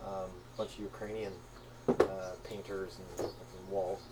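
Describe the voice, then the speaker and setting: A man telling an animated story to friends around a board game, and he swears freely. He sits away from the mic, and a steady background noise runs under his voice. His pitch is mid-range. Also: unhurried, far from the mic. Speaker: podcast co-host.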